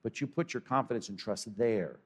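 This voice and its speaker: A male pastor preaching an animated sermon, swinging from loud exclamations to hushed asides and asking the congregation questions. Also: lowish voice, a little fast, slightly rough.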